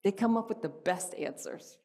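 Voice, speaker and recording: A woman with a mid-range voice speaks at a moderate pace, giving an inspirational talk from the stage of a church hall to a church gathering. Animated and playful, she tells a personal story conversationally, acts out an exchange with her child, and frequently asks her listeners questions.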